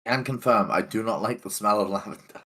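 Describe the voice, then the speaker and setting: A man's voice: lowish voice, brisk, a bit bright. A man takes part as a player in a tabletop game. He talks casually and playfully, often breaking into laughs.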